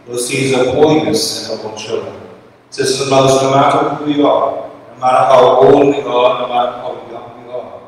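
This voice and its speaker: A Trinidadian man gives a homily as a priest, telling a story and slowing on the key lines. He is picked up from a distance in a large church with very strong echo. A faint hiss runs underneath. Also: medium pitch. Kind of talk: sermon.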